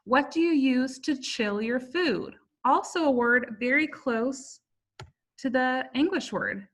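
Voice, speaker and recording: A young woman teaching a simple online language lesson to children, speaking patiently and repeating each word slowly. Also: on the high side, expressive, a bit bright. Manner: patient, slow repetition of words. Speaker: Spanish teacher.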